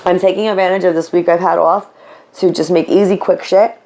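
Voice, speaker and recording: A woman's voice: on the low side, steady tone, a little fast, warm tone, slight background noise. A woman vlogging to camera at home as a stay-at-home mother, talking candidly and rambling with fillers and casual swearing, tearful at times. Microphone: camera mic.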